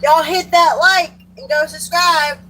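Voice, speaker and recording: A woman's voice: high-pitched, steady tone, a little slow, bright, forceful tone, a little hiss or hum, low-quality recording. A woman co-hosting a casual livestream from home, chiming in with short remarks. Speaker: co-host.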